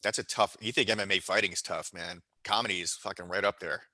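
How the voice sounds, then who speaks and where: Fast, bright-voiced brash man. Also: sits low, steady tone, no room sound. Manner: brash, quick storytelling. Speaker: podcast host. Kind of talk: casual podcast chat.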